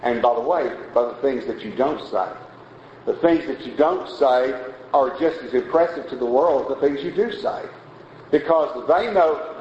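Folksy preacher in a roomy hall. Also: male voice, mid-range voice, darkish tone. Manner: folksy, conversational preaching with asides and chuckles. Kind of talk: sermon. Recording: roomy, dull lo-fi sound with faint noise.

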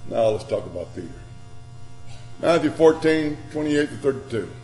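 A man preaching a sermon, dramatic, swinging between loud emphasis and quiet scripture reading. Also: a little high, expressive, normal speed, soft background music. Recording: echoey room with mains hum.

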